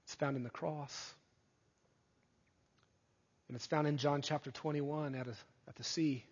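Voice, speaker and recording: A male preacher giving an earnest sermon, rising to emphatic peaks and dropping soft again. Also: fairly high pitch, steady tone, measured pace, breathy edge. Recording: dull sound with long hall reverb.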